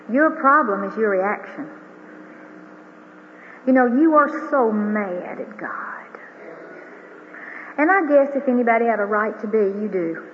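An older woman with a slightly high voice gives an earnest, heartfelt religious testimony to a big audience. Her words ring through a large hall with a long reverb tail. The sound comes through thin and phone-like, with a faint hiss underneath. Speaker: grandmother giving testimony. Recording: tinny broadcast of a hall with reverb.

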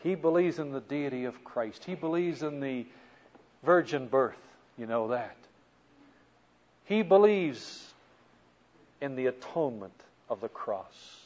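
A man preaching a sermon as a story, animated, moving from soft to loud. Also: mid-range voice, measured pace, long pauses, lo-fi sound.

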